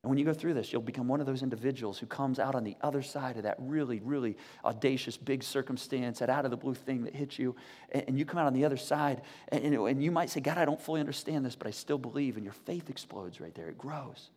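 Male pastor, animated sermon delivery, dramatic hushed moments, long hall reverb. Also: medium pitch, quick pace. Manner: animated storytelling, acts out quotes, drops to near whisper.

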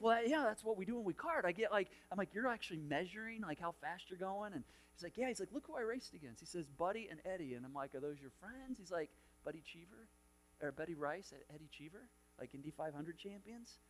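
A man's voice: high-pitched, sharp tone. A middle-aged male pastor preaching a sermon, telling a personal story with lots of quoted dialogue and restarts.

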